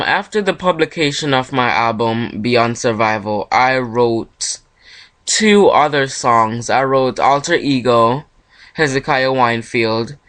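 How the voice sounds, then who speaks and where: A man's voice: mid-range voice, a bit bright. A young man from Jamaica hosting his own podcast, talking in a loose, rambling solo monologue with frequent self-corrections.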